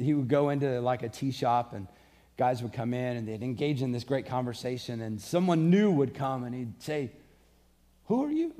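A man's voice: mid-range voice, mellow. A man preaching a sermon, earnest and conversational, mixing scripture with personal stories. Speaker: pastor.

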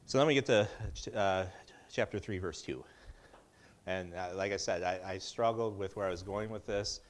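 A middle-aged man giving a casual Bible teaching in a conversational way, with joking asides and frequent restarts. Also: on the low side.

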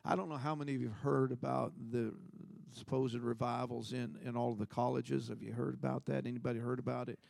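A visiting preacher tells his story from the pulpit, and his voice is deeply gravelly with heavy fry. His pitch sits mid-range for a man. The sound is dry and close, with no room echo, and he keeps punctuating his lines with amens. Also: steady tone, brisk, few pauses, darkish tone. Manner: folksy storytelling with frequent amens. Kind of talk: sermon. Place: church.

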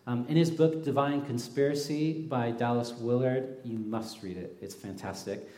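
Young guy preaching, chatty and animated, mid voice, echoey church room. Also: medium pitch, moderate pace. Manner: conversational, animated storytelling with quoted voices. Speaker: pastor. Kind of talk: sermon.

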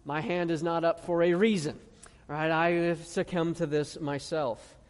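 A high-pitched male pastor delivers an earnest sermon, slowing to stress each phrase of scripture and putting questions to his listeners. His voice rings with the long reverb of a large church hall. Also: fairly even intonation. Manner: earnest preaching with rhetorical questions and slow emphatic scripture reading.

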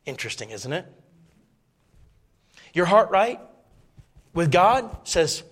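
A middle-aged man preaching a sermon, dropping into quiet asides and rising to loud, fervent passages. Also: sits high, very animated, takes it slowly, pauses often, husky.

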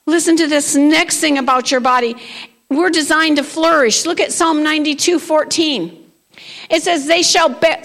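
Woman pastor preaching in church, high voice, reads verses then declares them loud. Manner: preaching with rising declarations of scripture. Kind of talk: sermon. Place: church sanctuary.

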